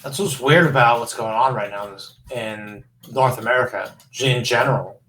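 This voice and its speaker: A man's voice: mid-range voice, normal speed, a bit bright, a little hiss or hum, poor audio. A man telling a profane bar story in casual podcast chat, acting out the voices of the people in it. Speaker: podcast host.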